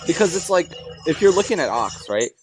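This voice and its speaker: A man's voice: on the high side, sing-song, fairly quick, soft background music. Rambling man chatting on stream. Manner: rambling, filler-heavy explaining. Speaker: miniature painting streamer. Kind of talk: casual chat. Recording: noisy mic with clicks.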